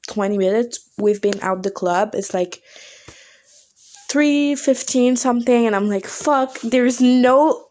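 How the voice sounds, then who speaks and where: A young woman vlogger telling a night-out story casually, swearing often and acting out what everyone said. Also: medium pitch. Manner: animated, swears a lot, acts out quotes.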